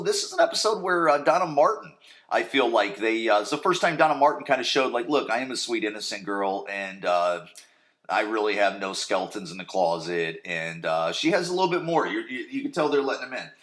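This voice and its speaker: With a medium-pitched, fairly bright voice, a man hosts a podcast and loosely runs through a TV episode, crude and meandering and often checking in with "right?".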